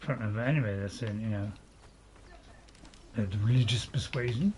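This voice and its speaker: This gaming channel host has a fairly low voice and speaks rather quickly over a very noisy background. His let's-play commentary is rambling and chatty, addressed to himself and full of chuckles.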